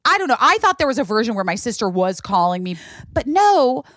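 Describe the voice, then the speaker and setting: A woman's voice: fast, no room sound, clean studio sound. A woman in her forties hosting a podcast, telling stories with lots of laughter, swearing freely and dropping into little voices. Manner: animated storyteller, doing high childlike voices for her nephew. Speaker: podcast host. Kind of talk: casual chat.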